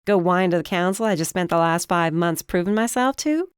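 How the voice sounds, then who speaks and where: A woman's voice: fairly low pitch, fairly quick, clear, resonant tone, dry recording, studio quality, natural voice. A woman voicing a defiant young fire witch who speaks bluntly and sarcastically in an audiobook. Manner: flat, sarcastic.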